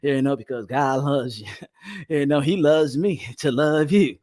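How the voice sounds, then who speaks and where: A man voicing a mellow, soft-spoken male TV preacher in a mock sermon, slow and soothing. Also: medium pitch, no room sound, studio quality, voice pushed down, natural voice.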